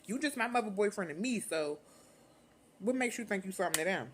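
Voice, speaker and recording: A young adult woman vlogger telling a storytime in casual, slangy, profane talk, animated and unfiltered. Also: mid-range voice, fairly quick, a little hiss or hum.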